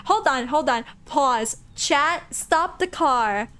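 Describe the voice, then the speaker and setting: An excitable woman live-streaming a game, with a high, bright voice. She reads the story text aloud and chats eagerly with her viewers. Her talk jumps quickly from joking to fretting.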